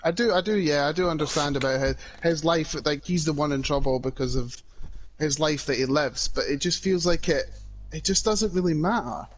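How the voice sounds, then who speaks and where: Young Scottish co-host, a bit high, chatty and halting, stacking fillers. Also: male voice, a little hiss or hum. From Scotland. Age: young adult. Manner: hesitant, many restarts and "like"s. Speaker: podcast co-host. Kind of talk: casual chat.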